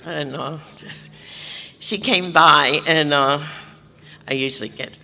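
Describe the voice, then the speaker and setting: A woman telling her recovery story at a convention, animated, acting out other people's voices and laughing often. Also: low-pitched, slow pace, creaky. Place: large convention hall. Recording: reverberant hall, faint room noise.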